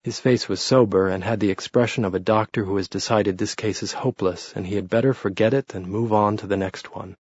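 A man narrating an audiobook in a steady, measured storytelling manner, close to the mic. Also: fairly low pitch, breathy edge, no room sound, highs cut off. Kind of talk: scripted narration.

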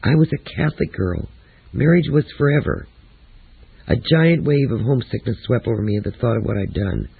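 A man narrating a first-person memoir in a steady, reflective reading. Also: medium pitch, brisk, vocal fry, breathy edge, no room sound. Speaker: audiobook narrator. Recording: tinny, lo-fi phone-like audio.

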